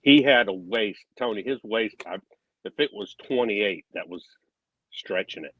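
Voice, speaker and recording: A middle-aged man reminiscing in a relaxed way in casual chat. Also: fairly low pitch, measured pace, slightly rough, highs cut off.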